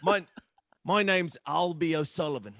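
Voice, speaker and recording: A prim little British boy, as a man puts him on, speaking in a mock-formal, stagey way. His voice sits a touch lower than the man's own, and the sound is dry and close. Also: normal speed, a bit bright, dry recording. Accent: British, put on. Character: small limping British boy craftsman, grizzled for his age.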